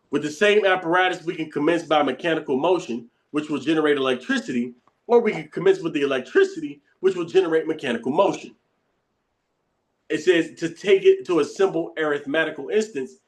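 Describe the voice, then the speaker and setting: A man teaching a lesson, reading passages aloud and explaining them in an emphatic, conversational way. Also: fairly high pitch. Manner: emphatic and conversational, repeats points, laughs.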